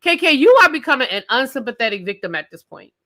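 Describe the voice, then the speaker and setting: A woman's voice: high-pitched, big pitch swings, quick pace, pushed and bright. A woman reviewing a reality TV show on a live stream, ranting with emphatic, profane commentary and talking straight to her viewers. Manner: direct address to viewers.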